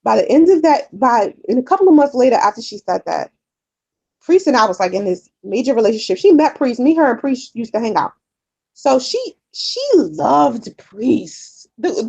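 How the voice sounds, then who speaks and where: Sitting high and sing-song, her voice is creaky, husky, and darkish, at a normal speed on a lo-fi recording. This vlogger responds candidly to viewers' comments in casual chat, swearing frequently and rambling with lots of fillers and repetition.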